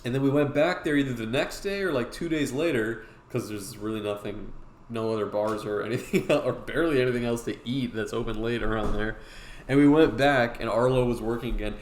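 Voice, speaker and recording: A man's voice: medium pitch, brisk. A man hosting a live-stream drawing tutorial, chatting casually and rambling with lots of fillers. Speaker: streamer and artist teaching drawing. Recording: roomy with faint noise.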